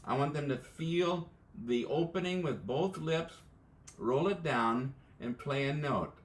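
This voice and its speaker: A man's voice: a little high, a little slow. An American man teaching beginning band embouchure over a live video call, explaining step by step with plenty of "uh"s. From United States. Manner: methodical, explaining step by step with frequent fillers. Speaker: band music educator. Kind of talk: instructional demonstration. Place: indoors, joining live by video. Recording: echoey room.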